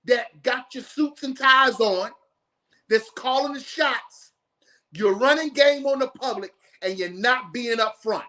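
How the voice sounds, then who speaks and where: A man's voice: extremely high pitch, a bit bright. A man hosting a live podcast stream, ranting bluntly and profanely in heated commentary. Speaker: podcast host.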